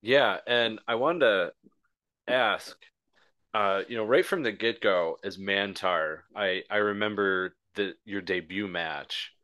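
A man's voice: on the low side, slow, pushed and bright. A man hosting a podcast, asking rambling, self-correcting interview questions. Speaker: podcast host.

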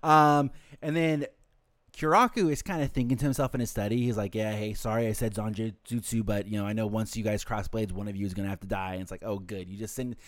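A man co-hosting an anime rewatch podcast in casual chat, swearing freely and slipping into quick impressions of characters. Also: fairly low pitch, fairly even intonation, no echo. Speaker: podcast co-host and editor.

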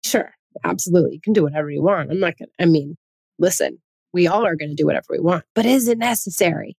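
A woman's voice: on the low side, fast, creaky, a little mellow, breathy edge, dry recording. A woman hosting a parenting talk, earnest and full of rhetorical questions, often restarting her sentences. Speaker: parenting podcast host. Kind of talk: casual advice talk.

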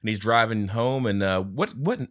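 A man's voice: on the low side, expressive, normal speed, fairly bright tone, dry recording, clean studio sound. A man co-hosting a casual movie review podcast, retelling scenes with lots of laughter and playful put-on voices. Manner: laughs often, acts out scenes in funny voices. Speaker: podcast co-host.

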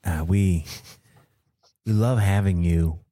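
A man's voice: low voice, slow, loud music behind the voice. A man improvising a scene as an earnest, flustered schoolteacher. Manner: flustered, earnest, playing a small-town German teacher. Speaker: improv comedian.

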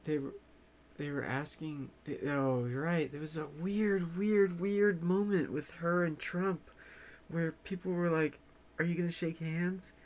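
A man chatting casually to his viewers in a rambling way, swearing freely and halting often on fillers. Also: a little high, darkish tone. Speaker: vlogger.

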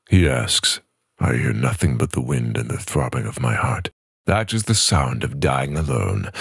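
A man reading a dramatic first-person novel passage aloud in a measured, intense way on a podcast. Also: rumbling low, lively intonation, creaky, breathy edge, no echo, studio quality. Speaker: guest reader. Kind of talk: dramatic audiobook-style reading. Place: podcast studio.

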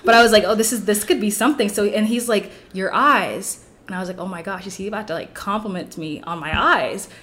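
Speaking quickly with few breaks, a young woman with a medium-pitched, slightly bright voice tells a meandering story as a podcast guest. She leans on "like" constantly as she chats.

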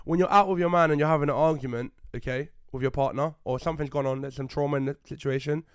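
A man's voice: fairly high pitch, fast talker, smooth, dry recording, clean studio sound. A young man on a casual podcast, retelling a story with heat and lots of swearing. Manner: animated, swears a lot, heated retelling. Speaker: podcast co-host.

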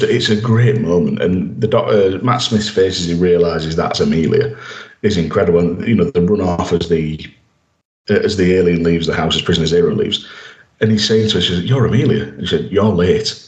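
A man with a very deep voice eagerly retells episode scenes on a podcast, acting out the lines he quotes. His voice carries a roomy echo from the space around him. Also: moderate pace. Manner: enthusiastic retelling, acts out quoted dialogue. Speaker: podcast co-host. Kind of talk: casual chat recapping an episode. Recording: roomy echoey room.

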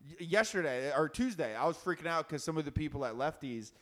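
A man's voice: fairly high pitch, lively intonation, quick pace. A young man co-hosting a casual chat, joking and swearing, laughing often. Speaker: podcast co-host.

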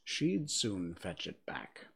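A man's voice: sits low, sing-song, takes it slowly, gravelly, breathy edge, heavily acted. A man voicing a polite, eager young girl in a storybook reading, in a raised, pleading voice.

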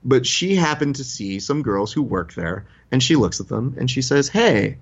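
A man's voice: mid-range voice, moderate pace, breathy edge, dull audio. Man animatedly telling a funny story. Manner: animated, acts out quoted voices. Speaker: podcast host telling a story. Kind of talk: casual storytelling chat.

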